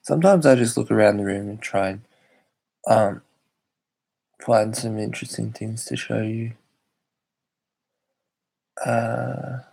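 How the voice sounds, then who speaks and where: A man's voice: medium pitch, creaky, dark tone, slightly rough. A young Australian man chatting casually on a live stream, rambling and hesitant with many fillers.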